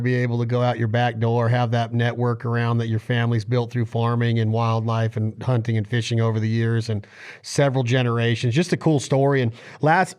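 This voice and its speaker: A man's voice: medium pitch, a little mellow, clean tone. Man, podcast host, casual interview, enthusiastic, loose wording.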